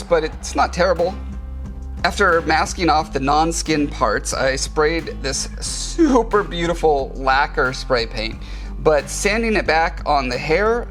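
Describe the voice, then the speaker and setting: Man, playful, joking, crafting voice-over, lively pitch, faint music behind. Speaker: maker YouTuber. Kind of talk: voice-over narration of a crafting video.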